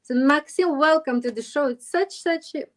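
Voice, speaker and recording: A woman hosting a podcast interview, effusive and enthusiastic, speaking as a with halting phrasing. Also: high-pitched. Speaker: podcast host.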